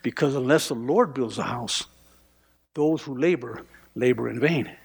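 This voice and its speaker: Male pastor, emphatic sermon delivery with stammering repeats; gravelly, long church reverb. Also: mid-range voice, normal speed.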